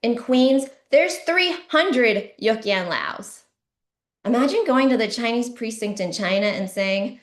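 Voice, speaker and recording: A middle-aged woman performing a stand-up comedy set, with deadpan punchlines and sudden shouty bursts. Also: on the high side, unhurried. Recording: roomy echo.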